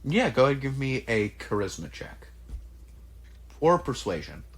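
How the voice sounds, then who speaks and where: A man's voice: mid-range voice, big pitch swings, moderate pace, husky. A man acting as game master, narrating a tabletop game with frequent fillers.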